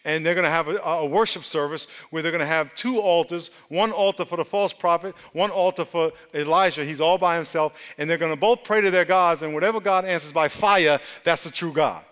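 A man's voice: a little high, fairly quick, few pauses, fairly bright tone. A male pastor preaching a sermon, leading the crowd in call-and-response. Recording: long hall reverb.

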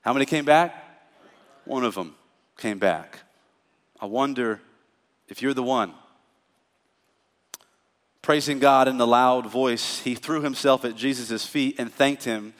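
A pastor preaching a sermon in a conversational style that climbs into emphatic, rising bursts. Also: male voice, mid-range voice, a little slow, long pauses, long reverb tail.

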